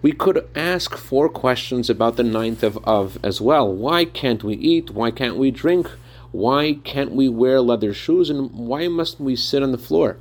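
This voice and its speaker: A man's voice: medium pitch, lively intonation, a little slow. A man giving a short Torah talk, telling a story in an earnest, reflective way. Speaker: Torah teacher.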